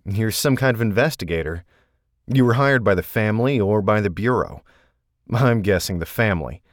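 An angry, bewildered grown man, pushing his voice up and getting louder as he demands answers, as voiced by a male audiobook narrator. The voice sits low even when it rises, and the recording is dry and close. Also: moderate pace, dry recording, natural voice. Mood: agitated. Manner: agitated, raising his voice. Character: angry, confused adult male agent.

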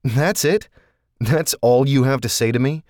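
Man doing agitated male agent, confused, demanding, low voice pushed up, dry audiobook recording. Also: big pitch swings, normal speed, no room sound. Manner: agitated, raising his voice.

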